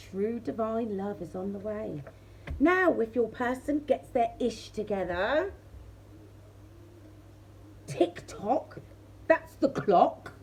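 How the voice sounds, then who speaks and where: Woman tarot reader, high-pitched and slow-paced, chatty and direct with her viewers. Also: darkish tone, slight background noise. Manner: chatty, laughs often, addresses viewers directly. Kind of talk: casual tarot reading chat.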